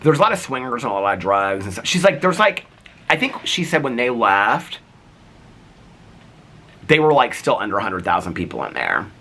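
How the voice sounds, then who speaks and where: A man vlogging, telling neighborhood stories in a rambling, animated way full of fillers. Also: on the low side, moderate pace, long pauses. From United States. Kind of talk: casual storytelling.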